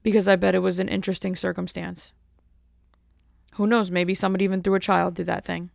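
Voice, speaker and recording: A woman's voice: on the low side, flat delivery, fast talker, vocal fry, dry recording, clean studio sound. Rambling, jokey woman vlogger. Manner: rambling, jokey, self-mocking. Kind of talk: casual chat to camera.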